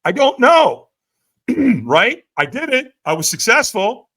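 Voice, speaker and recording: A man's voice: extremely high pitch, sing-song, slow, fairly bright tone. A middle-aged man telling a vivid story as a podcast guest, often checking in with the listener and acting out what others said. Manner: vivid storyteller, frequent "right?" asides, acts out quotes. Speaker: podcast guest, firewalk instructor. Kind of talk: animated storytelling in an interview.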